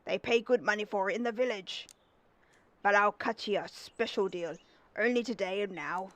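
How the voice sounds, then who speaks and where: A woman's voice: medium pitch, normal speed, a bit bright, dry recording, close to an everyday voice. Brief: woman playing a bargaining old fisherman in a game, wobbly put-on accent, dry close sound. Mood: haggling. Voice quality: put-on accent that keeps shifting. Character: gruff old male fisherman, haggling.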